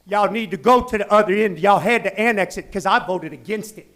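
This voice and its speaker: A man's voice: high-pitched, fairly quick. A man speaking angrily at a council meeting's public comment, shaking with indignation. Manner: angry, indignant, rising to loud outbursts. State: shaking with anger. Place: council chamber.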